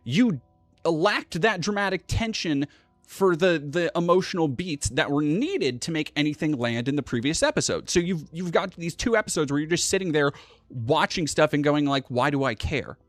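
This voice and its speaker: A man's voice: on the high side, animated, moderate pace, no echo, soft background music. A young man hosting a livestream, ranting casually and profanely in a rambling way. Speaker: livestream host.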